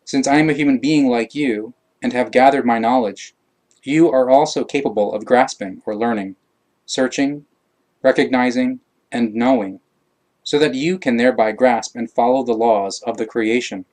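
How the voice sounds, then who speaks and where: A man reads verses of a scripture aloud, unhurried and deliberate. His voice is of ordinary pitch for a man, and he keeps a solemn, steady cadence as he reads. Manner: slow, measured, solemn reading. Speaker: reader.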